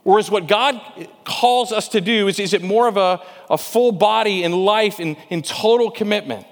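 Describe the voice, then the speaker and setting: A pastor with a voice that sits high preaches a sermon at normal speed in a big-sounding room. He keeps it conversational, asking rhetorical questions and often repeating words.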